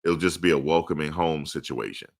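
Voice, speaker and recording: A man's voice: very deep voice, fairly quick, creaky. A man hosting a live sports stream, answering chat with emphatic, repeated rhetorical questions. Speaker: livestream host.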